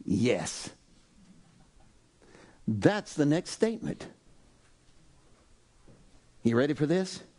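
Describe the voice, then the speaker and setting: A male pastor preaching a sermon, animated and exclaiming, acting out voices from the story. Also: fairly high pitch, drawn-out words, pauses often.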